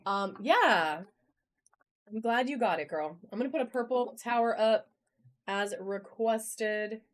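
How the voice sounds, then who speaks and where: A woman with a slightly high voice speaks a little slowly as she hosts a live-stream auction on a phone camera. Bubbly and chatty, she greets viewers by name while presenting items.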